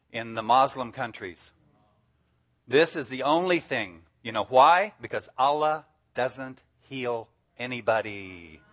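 A man preaching a sermon with lively enthusiasm. He drives his points home emphatically and laughs freely between them, in a voice of ordinary middle pitch. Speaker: guest preacher.

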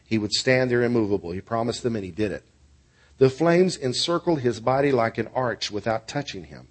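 A man's voice: medium pitch, animated, brisk. A male pastor preaching a sermon, telling stories in an earnest way and closing in prayer.

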